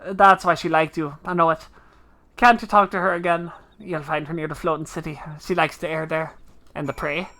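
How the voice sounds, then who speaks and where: A woman voicing a gruff old pirate man in a rough sailor's dialect, talking slowly and wistfully. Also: lowish voice, sharp tone.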